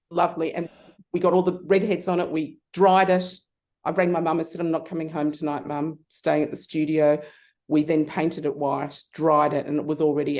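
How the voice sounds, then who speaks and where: A middle-aged woman telling stories in a casual interview, acting out the voices of people in her stories. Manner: animated storyteller, acts out voices with big pitch jumps. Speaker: guest.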